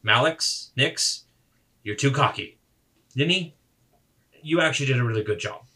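Man playing a stern old orc teacher, measured scolding tone, bright forceful voice. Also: mid-range voice, lively intonation. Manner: measured, reproving. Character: stern older male orc martial arts instructor.

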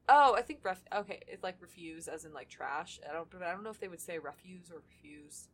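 A woman with a lower voice co-hosting a casual podcast. She reads fan fiction aloud, breaking off for laughing, loosely profane asides. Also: lively intonation, a little fast, few pauses. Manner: chatty, laughs often, swears casually. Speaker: podcast co-host.

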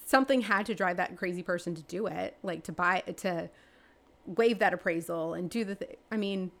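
A woman, answering interview questions in a chatty way, with many fillers and restarts, her pitch jumping up when she gets excited. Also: moderate pace. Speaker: real estate agent and team leader.

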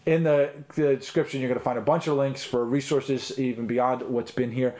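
A man's voice: mid-range voice, fairly even intonation, moderate pace, darkish tone. A middle-aged man teaching as a pastor in a recorded online talk, earnest and conversational, with frequent ums and restarts.

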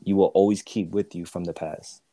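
A man co-hosting a faith podcast, asking questions and affirming his guest gently, with many fillers. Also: sits low, fairly even intonation, fairly quick, no room sound. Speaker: co-host.

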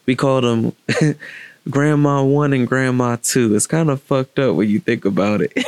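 A man telling a personal story in a candid, reflective, casual way, with halting restarts and pauses. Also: mid-range voice, huge pitch swings, darkish tone, smooth, dry recording.

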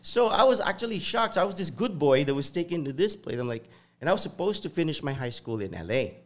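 Animated man telling stories. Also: a little high, fast. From United States (Virginia). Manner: animated, switches freely between English and Tagalog. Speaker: guest. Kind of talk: casual conversational storytelling.

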